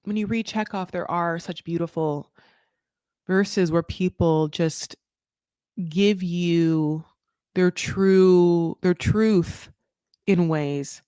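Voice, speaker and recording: A woman hosting a casual recap chat, rambling through tangents and correcting herself, with sudden jumps up in pitch. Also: steady tone, extremely slow, dark tone, clear, resonant tone, dry recording, clean studio sound. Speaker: recap show host.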